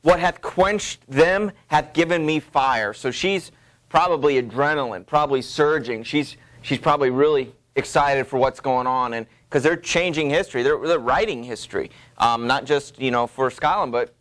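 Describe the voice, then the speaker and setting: A man's voice: medium pitch, moderate pace, a bit bright. A man teaching a classroom literature lecture, explaining casually with lots of ums and you knows. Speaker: high school literature teacher.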